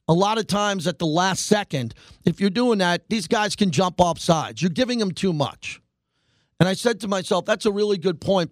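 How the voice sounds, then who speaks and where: A high-voiced man hosting a sports talk show, firing off a fast, emphatic monologue and hammering his points home by repeating them. The sound is dry and close to the mic, with no room around it. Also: no echo. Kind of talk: animated sports radio monologue.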